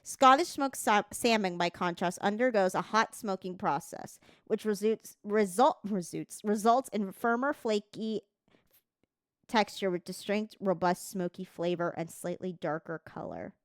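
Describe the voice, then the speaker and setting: Slow, smooth-voiced woman streamer. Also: mid-range voice, no room sound, studio quality. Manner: casual, swears freely, stumbles while reading out text. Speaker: livestreamer. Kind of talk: casual livestream chat, reading aloud.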